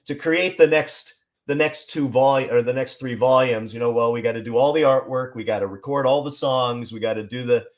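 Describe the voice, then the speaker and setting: A man from Seattle, a songwriter and writer, talking on a podcast in a measured, explanatory way. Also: medium pitch. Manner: measured, explanatory, with frequent restarts. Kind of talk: casual interview chat.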